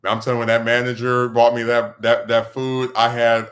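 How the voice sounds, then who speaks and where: This man's voice sits at medium pitch and moves at a moderate pace with hardly any pauses. He hosts a podcast and wanders through a story in easygoing conversation, lively throughout, his pitch jumping when he gets worked up.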